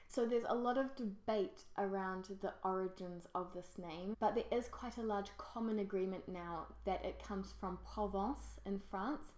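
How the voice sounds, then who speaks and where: Woman vlogging, upbeat and gushy, mid pitch, roomy echo. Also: darkish tone. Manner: enthusiastic, gushing about favourites. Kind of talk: casual presenting to camera.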